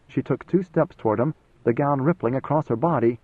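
A man narrating an audiobook in an even, steady storytelling manner. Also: mid-range voice, fairly quick, dry recording. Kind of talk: scripted narration. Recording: dry, phone-like narrow sound.

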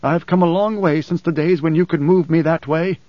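A man voicing a tense male pilot and swordsman who talks in a curt, gruff, grating way. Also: on the high side, fairly even intonation, fairly quick, dry recording, pitched above the performer's own voice, natural voice. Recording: slightly dull dry recording.

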